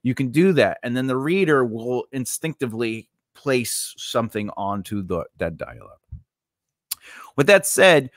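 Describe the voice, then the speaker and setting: Man, casual writing lesson, rambling with fillers, mid pitch, dry close sound. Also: big pitch swings, unhurried, dry recording. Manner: rambling, tangents, many fillers and restarts. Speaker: writing podcast host.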